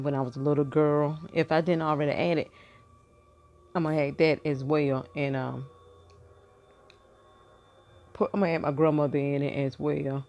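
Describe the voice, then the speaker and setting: A woman's voice: deep voice, darkish tone. A woman in her fifties chatting casually to her viewers from bed, rambling and thinking aloud with many fillers and restarts. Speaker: vlogger. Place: in bed at home.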